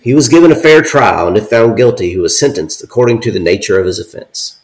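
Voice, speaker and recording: A man co-hosting a podcast, reading an old account aloud with deadpan asides. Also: lowish voice, fast, rough recording. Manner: deadpan, reads quotes with dry asides. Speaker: podcast co-host.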